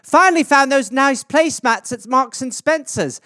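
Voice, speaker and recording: Man voicing a chatty mother, high and lilting, dry studio sound. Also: expressive, sharp tone, dry recording, exaggerated voice. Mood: chirpy. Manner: sing-song, drawn-out hashtag readings. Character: chatty British mother, cheerful and mundane.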